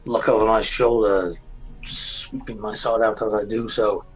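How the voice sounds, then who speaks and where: A man playing a tabletop game declares his character's actions in a formal tone. His voice sits somewhat low. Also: little pitch movement, a little slow, faint music behind, poor audio. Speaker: player. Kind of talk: tabletop role-play.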